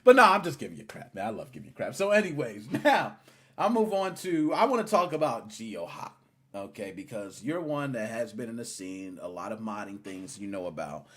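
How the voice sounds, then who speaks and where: A man hosting a casual gaming podcast, teasing his guest and talking with animated swings between loud and quiet. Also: lowish voice, a little fast. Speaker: podcast host.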